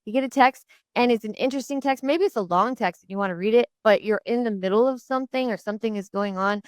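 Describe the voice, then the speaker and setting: Chatty woman podcast host, smooth voice. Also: mid-range voice, dry recording. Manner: chatty, animated retelling with many fillers. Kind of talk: casual storytelling on a podcast.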